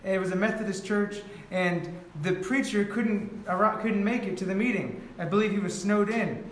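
A man's voice: sits high, moderate pace, a bit bright. A man preaching a sermon in a church, telling the story earnestly as a pastor to his congregation. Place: church sanctuary. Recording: echoey room.

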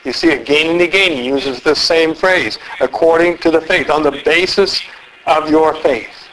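A man's voice: a little high, moderate pace, a bit bright, a little hiss or hum, poor audio. A man preaching a sermon, reading scripture and earnestly putting questions to his listeners. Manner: earnest, asks the listeners many rhetorical questions.

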